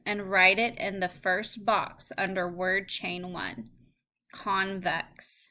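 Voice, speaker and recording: A woman teacher giving a recorded phonics lesson, reading words and phrases slowly and clearly for students to spell. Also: mid-range voice, fairly even intonation, bright, forceful tone. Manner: slow, clear word-by-word dictation.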